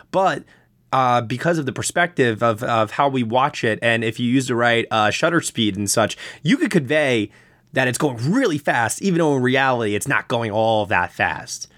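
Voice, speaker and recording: A man chats through a film review as the podcast host, relaxed and conversational, with plenty of fillers. He gets animated when he explains things. His voice sits at an ordinary middle pitch and is recorded close and dry. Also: no room sound. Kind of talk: casual film review chat.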